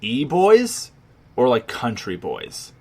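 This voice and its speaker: Podcast co-host, male, mid pitch, loose rambling delivery full of fillers and swearing. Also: huge pitch swings, slow, darkish tone, husky. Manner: rambling, heavy on filler words, profane. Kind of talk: casual chat.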